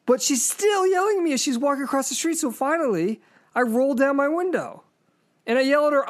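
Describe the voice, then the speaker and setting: A woman with a fairly high voice hosts a podcast in casual chat. She tells stories with animated, profane energy. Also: fairly quick. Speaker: podcast host.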